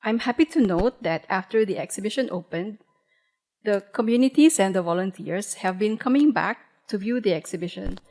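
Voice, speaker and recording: A woman's voice: mid-range voice, darkish tone, low-quality recording. Formal woman introducing a speaker. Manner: formal, with some fillers. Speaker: museum staff presenter. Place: auditorium.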